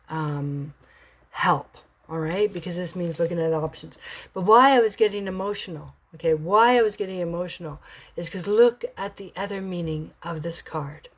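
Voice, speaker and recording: Woman, tarot reader, live card reading, expressive, sometimes whispering, lowish voice. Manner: expressive, swings from excited to hushed whispers.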